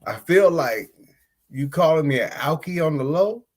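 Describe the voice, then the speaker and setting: Animated, slangy man with a husky voice. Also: moderate pace. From United States. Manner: animated, slangy, swings between loud outbursts and low mutters. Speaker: podcast host. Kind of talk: casual storytelling monologue.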